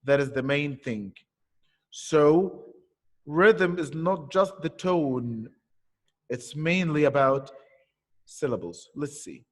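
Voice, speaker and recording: Slow, patient male teacher in an echoey room. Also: on the high side, animated. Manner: patient, explains slowly with repetition. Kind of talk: online poetry lesson. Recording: echoey room with long reverb.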